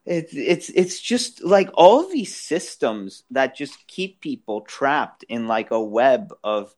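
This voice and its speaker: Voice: medium pitch, very animated, slow, darkish tone. A podcast panelist in a casual group discussion, talking animatedly with many stammered restarts.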